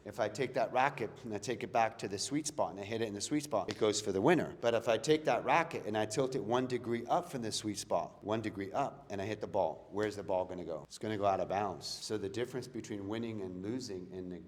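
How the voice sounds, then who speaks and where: A man's voice: fairly low pitch, fast, hardly any pauses. A middle-aged man, a motivational speaker giving a live seminar talk, emphatic and throwing questions at his audience. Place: event hall with an audience. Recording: echoey hall with long reverb.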